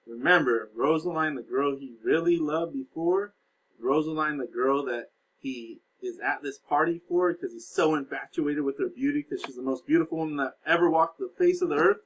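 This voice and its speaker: A man's voice: fairly high pitch, moderate pace, fairly bright tone, low-quality recording. A male teacher casually recapping a play for his students, reading passages aloud and explaining them in plain words. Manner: casual explaining with fillers, reads aloud and paraphrases.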